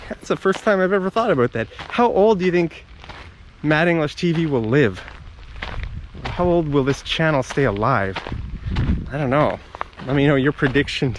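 Walking along a forest path, a man who teaches English on YouTube chats to his learners in a rambling, friendly way, slightly out of breath. His voice is fairly high, and the recording has a little hiss or hum.

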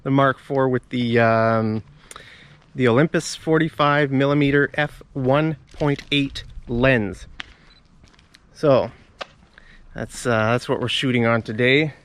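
A man's voice: medium pitch, slow, pauses often, fairly bright tone. A man giving a rambling, off-the-cuff vocabulary lesson while walking outdoors with a camera. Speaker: English teacher. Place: outdoors on residential streets. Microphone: handheld camera while walking.

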